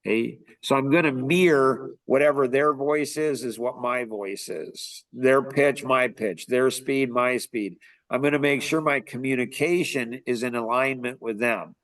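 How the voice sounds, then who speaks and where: A man talks through recruiting tips on a podcast, recorded dry and close with no room sound. He coaches in a relaxed, conversational way. He restates his ideas in several forms before moving on. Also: mid-range voice, a little slow, no echo, rough recording. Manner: conversational coaching, repeats and rephrases points. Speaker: recruiting trainer. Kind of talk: instructional podcast talk.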